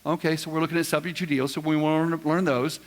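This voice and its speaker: A man's voice: on the high side, flat delivery, quick pace. Folksy man quizzing a seminar crowd. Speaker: seminar speaker. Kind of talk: live seminar talk to an audience. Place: large event room with audience. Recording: long hall reverb.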